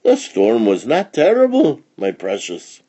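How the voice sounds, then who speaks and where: Soft-spoken old grandmother for a storybook, voiced by a man, husky and gentle. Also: mid-range voice, huge pitch swings, measured pace, full character voice. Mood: soothing. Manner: soft, soothing.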